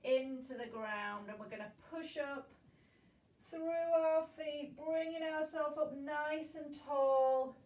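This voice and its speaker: High, slow-spoken woman teaching kids yoga. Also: a little mellow, roomy sound, far from the mic, highs cut off. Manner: encouraging, playful, makes animal noises. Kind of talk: guided children's yoga class.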